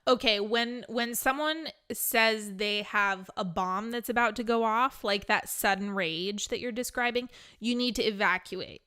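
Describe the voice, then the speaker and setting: Blunt spiritual teacher lady, bright clear voice, laughs a lot. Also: fairly high pitch, a little slow, hardly any pauses. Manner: blunt, candid, laughs often. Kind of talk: live teaching with Q&A.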